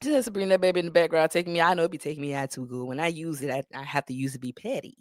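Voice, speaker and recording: A woman's voice: sits low, fairly even intonation, racing, dry recording, studio quality. A woman hosting a live-stream gossip commentary in a sassy, mocking way, full of slang. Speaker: livestream commentator.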